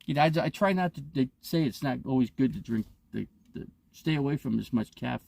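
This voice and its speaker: Casting note: a gravelly fifties man, chatty host, rambling and cursing through his stories. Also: medium pitch, brisk, no room sound. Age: 50s. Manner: rambling, profane, animated retelling. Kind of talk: casual chat. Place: inside an RV.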